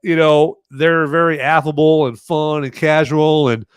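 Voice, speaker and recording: A man's voice: a little high, fairly even intonation, measured pace, clean tone, no echo. Rambling man reviewing a movie. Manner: rambling, lots of "uh" and "there". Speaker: podcast host. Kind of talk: casual live movie review.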